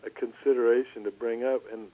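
Older man telling stories over the phone. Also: medium pitch. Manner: relaxed, halting, lots of restarts. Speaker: former pitcher, guest. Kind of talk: storytelling interview. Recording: tinny phone line.

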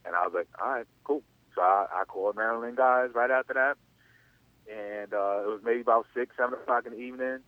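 Fast-talking man on a phone line. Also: medium pitch, dry recording. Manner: rambling, loose, full of "you know". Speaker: interview guest, former athlete. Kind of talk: casual spoken storytelling. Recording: dry, tinny phone-line sound.

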